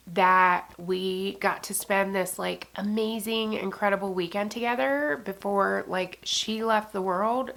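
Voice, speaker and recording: A woman in her thirties with a gravelly, fry-edged voice, talking straight to camera about a loss. She speaks casually and with raw emotion, filling her sentences with "like" and the odd curse. Her pitch sits in a middle range for a woman. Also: fairly bright tone. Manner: casual, fillers, swearing, tearful moments. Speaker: beauty vlogger. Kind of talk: emotional personal storytelling.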